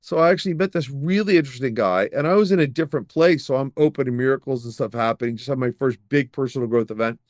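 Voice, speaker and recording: A middle-aged man, a podcast guest, telling long personal stories in a lively, rambling way, with many fillers and restarts. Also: medium pitch, quick pace, few pauses, dry recording, clean studio sound. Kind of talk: storytelling in an interview.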